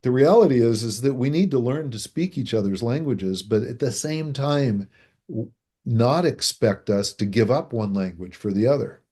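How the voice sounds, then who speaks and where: Warm-voiced man explaining in an interview. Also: medium pitch, normal speed, husky. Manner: animated, acts out quoted speech, chuckles between points. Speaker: author and podcast guest. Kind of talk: conversational interview.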